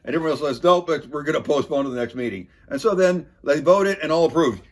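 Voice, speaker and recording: A man giving a casual, sardonic recap of a city council meeting, deadpan and wry, with many filler words. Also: a little high, quick pace, a little hiss or hum. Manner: wry, deadpan, lots of uh fillers, mocking quoted voices. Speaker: local video commentator.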